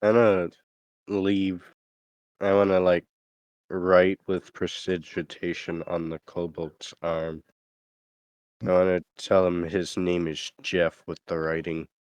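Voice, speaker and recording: A player in quiet, playful chat at a tabletop game, heard over a dull lo-fi mic. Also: deep voice, level tone, slow pace, clear, resonant tone, no echo.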